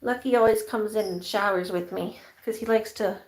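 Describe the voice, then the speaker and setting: A woman's voice: mid-range voice, fairly even intonation, normal speed, noisy background. A woman vlogger chatting casually, giggling and cooing at her animals while caring for them. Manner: giggly, coos at pets, chatty. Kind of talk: casual chat to camera and animals.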